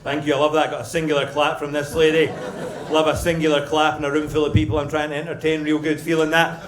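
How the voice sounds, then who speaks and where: A Scottish man with a fairly high voice tells crude, deadpan stories from a club stage, punching up the lines loudly. The sound rings around a live room, and audience laughter and chatter fill the gaps. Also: quick pace, roomy sound, background noise. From Scotland. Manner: crude, deadpan storytelling with sudden loud punchlines. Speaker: stand-up comedian. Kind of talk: stand-up comedy set.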